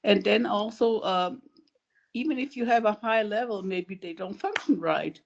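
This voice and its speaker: A woman's voice: medium pitch, normal speed, vocal fry, lo-fi sound, a little hiss or hum. A woman talking thoughtfully and asking questions, with many fillers, in an online support group. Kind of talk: casual video call chat. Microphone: video call.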